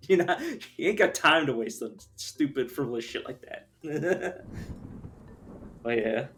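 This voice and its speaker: A man's voice: mid-range voice, animated, measured pace, a bit bright, soft background music. A young man chatting casually on a live stream, rambling through his opinions, swearing and laughing often.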